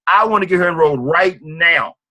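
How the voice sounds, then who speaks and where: A man giving an informal sales training talk, fast and acting out sales calls. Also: fairly high pitch, bright, forceful tone. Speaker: network marketing trainer.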